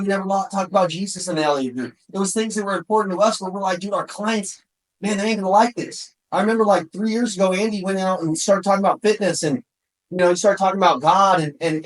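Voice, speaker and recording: High-voiced, fired-up motivational man. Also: low-quality recording. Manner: energetic, shouts for emphasis, calls listeners bro and man. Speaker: motivational speaker. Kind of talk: motivational talk.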